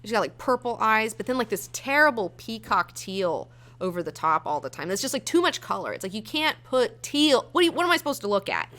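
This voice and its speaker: A woman's voice: a little high, big pitch swings, fairly quick, pushed and bright. A woman hosting her show, giving a blunt, rambling, profanity-laced casual review. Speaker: show host reviewing a series.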